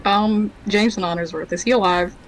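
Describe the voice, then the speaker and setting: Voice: medium pitch, fairly even intonation, slight background noise, low-quality recording. A player in a tabletop game who asks questions casually, with many fillers. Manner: quick questions, filler-heavy.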